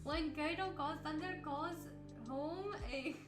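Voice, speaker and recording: Tired, rambling high-voiced woman streamer. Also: slow pace. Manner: rambling, laughs often, playful outbursts. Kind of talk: casual chat with chat readers. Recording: roomy sound with music behind.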